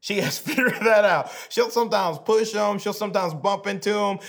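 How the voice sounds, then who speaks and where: A man's voice: high-pitched, moderate pace, gravelly. Man preaching a storytelling sermon. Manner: storytelling, shifts from hushed to animated. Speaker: pastor.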